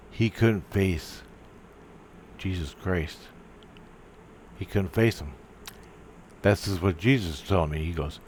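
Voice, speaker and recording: A man's voice: low voice, slight background noise. A man telling a personal spiritual story in a casual monologue, swearing and stopping to restart his sentences. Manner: profane, halting, restarts often. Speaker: vlogger.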